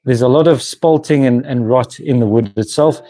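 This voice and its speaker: A South African man hosts a woodworking live stream, chatting casually with viewers, laughing often and restarting his sentences. His voice is medium-pitched and warm at a normal speed. The sound comes from a camera mic on a moving handheld camera.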